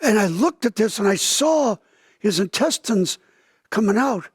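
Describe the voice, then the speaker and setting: High-voiced older man telling a story. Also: expressive, a little slow, slightly rough, dry recording, clean studio sound. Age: 70s. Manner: vivid storyteller, acts out quoted dialogue with a raised voice. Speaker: pastor. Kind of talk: interview testimony, telling a story.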